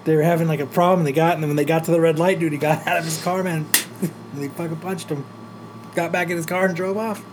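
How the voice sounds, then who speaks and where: Rambling, cursing man with a higher voice. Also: steady tone, fast talker, background noise. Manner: swearing, rambling storyteller. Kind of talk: casual chat.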